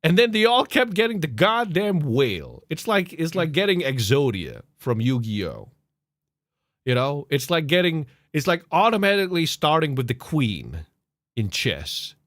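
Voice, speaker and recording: An animated man cohosting a podcast, telling stories in a loose, profane way and breaking into laughter. His voice sits a little high and swings widely up and down. It is recorded close and dry, with no room sound. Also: unhurried, no room sound. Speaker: podcast co-host. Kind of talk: casual chat, storytelling.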